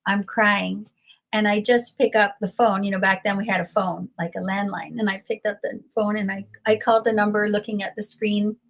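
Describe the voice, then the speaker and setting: A woman's voice: mid-range voice, flat delivery, moderate pace, vocal fry. Middle-aged lady on a video call from home, earnest and emotional, rambling a bit through her story. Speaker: guest. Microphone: computer mic on a video call.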